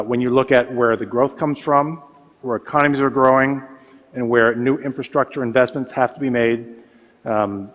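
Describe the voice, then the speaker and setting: A man speaking as a panelist at a business forum, measured and full of hesitations and restarts. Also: mid-range voice. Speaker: panelist, energy company executive. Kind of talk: conference panel remarks. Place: large conference hall. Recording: reverberant hall sound.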